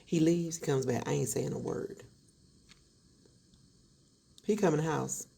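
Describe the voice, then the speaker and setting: A woman's voice: low-pitched, measured pace, creaky, dark tone, slight background noise. A woman telling a true story in a dramatic, sassy storytime style, acting out each voice. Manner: dramatic, sassy, acts out every voice. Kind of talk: animated storytime.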